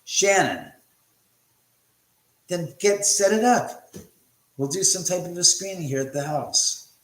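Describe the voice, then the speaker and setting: A man's voice: sits high, lively intonation, slow pace, fairly bright tone. A middle-aged man hosting a casual livestream from his house, chatting and joking with viewers and cursing freely as he reads their comments. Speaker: livestream host. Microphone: phone. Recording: echoey room.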